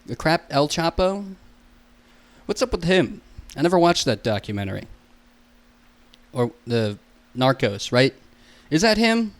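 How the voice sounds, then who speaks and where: A man's voice: a little high, sing-song, unhurried, pauses often. A young man hosting a solo podcast alone in a room, goofy and self-mocking, rambling and swearing a lot.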